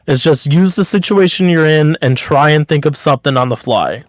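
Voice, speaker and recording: A rambling, upbeat man chatting as a podcast co-host over an online call. His voice sits a bit high, and the sound is dry and close. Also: normal speed, no room sound. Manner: rambling, upbeat, heavy use of 'like'. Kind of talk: casual chat.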